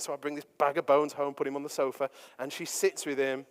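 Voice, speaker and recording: A fairly high-voiced man preaches in a loose, chatty way and pokes fun at himself as he tells his stories. The sound hangs in a reverberant church hall, and a long tail of echo follows every phrase. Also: level tone, fast talker, few pauses, clear, resonant tone. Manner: chatty, self-deprecating storytelling. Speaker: pastor. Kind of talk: storytelling sermon.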